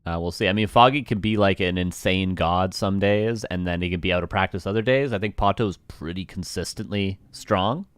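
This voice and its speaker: A man's voice: deep voice, normal speed, few pauses, smooth, no echo. A man with a West Coast Canadian accent casting a live strategy game match, joking with chat and laughing often between calls. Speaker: esports caster.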